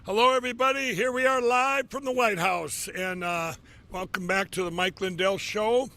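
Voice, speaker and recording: Gravelly, bright-voiced rambling male host. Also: sits high, moderate pace. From Minnesota. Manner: rambling, many fillers and restarts, excitable. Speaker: show host. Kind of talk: casual live monologue with ad pitches. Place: office.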